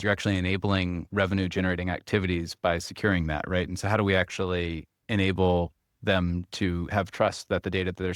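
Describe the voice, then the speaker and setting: Deep voiced guy talking fast on a podcast, lots of restarts, dry close mic. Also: no room sound. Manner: fast, energetic talker with many restarts and "like"s. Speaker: company co-founder and guest. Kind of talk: casual interview chat.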